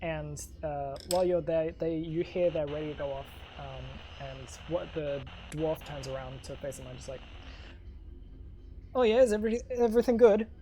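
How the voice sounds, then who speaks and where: A woman with a lowish voice narrates a tabletop game as game master. She hesitates a lot, with ums and restarts, and keeps breaking into giggles. A faint hiss runs under her voice. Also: little pitch movement, normal speed, hardly any pauses, dark tone.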